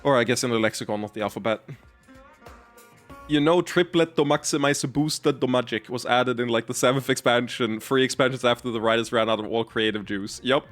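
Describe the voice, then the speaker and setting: A male game streamer talks his way through play in a loose, rambling way, giggling often and restarting his sentences. His pitch sits mid-range for a man, with faint music playing underneath. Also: a little fast, fairly bright tone. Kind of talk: casual live-stream commentary.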